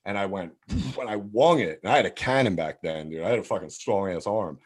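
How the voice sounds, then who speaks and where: A man's voice: fairly low pitch, a little fast, slightly rough. A man telling a wild story in casual chat, swearing freely and acting out what people said. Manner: animated, swears constantly, acts out quotes.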